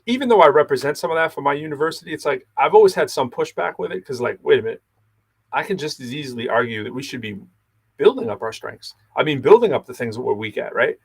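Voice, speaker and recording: Podcast co-host, male, gravelly edge, loose slangy musing full of asides. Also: mid-range voice. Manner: slangy, rambling, heavy on "you know"; thinks aloud with restarts and asides. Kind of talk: casual reflective talk.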